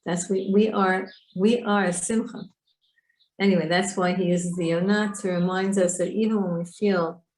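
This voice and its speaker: A woman leads an online Torah class, unpacking Hebrew words and putting questions to her students. Her voice sits at a middle pitch. The recording rings with room echo. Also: a little mellow, slight background noise. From Israel. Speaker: Torah teacher. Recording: echoey room.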